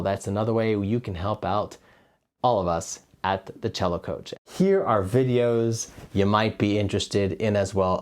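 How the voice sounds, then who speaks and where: A man's voice: lowish voice, a little mellow. A man teaching a cello lesson, explaining rhythm steadily and counting beats aloud on a lapel mic. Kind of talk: music lesson. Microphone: lavalier.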